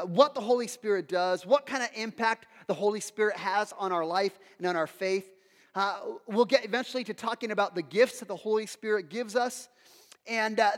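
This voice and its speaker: A man preaching a sermon as pastor, telling stories with lively acted quotes and casual asides to the congregation. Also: sits high. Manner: animated storytelling with acted quotes. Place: church hall. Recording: long hall reverb.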